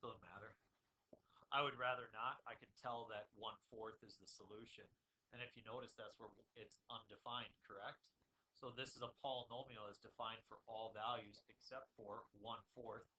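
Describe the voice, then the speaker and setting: Bright-voiced man teaching a class. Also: on the low side, steady tone. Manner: informal, talks to students directly with quick asides. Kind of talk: classroom math lecture. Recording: distant classroom recording with faint noise.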